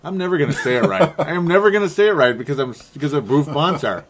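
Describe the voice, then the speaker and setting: A man's voice: fairly high pitch, quick pace. A man hosting a casual sports podcast, rambling and laughing often at his own slips. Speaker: podcast host.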